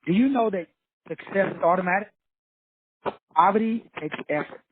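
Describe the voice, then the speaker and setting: A man's voice: high-pitched, normal speed, a little hiss or hum. A man giving a fiery motivational lecture, preachy and blunt, repeating his points with profanity. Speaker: motivational teacher. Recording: tinny phone-like dry sound.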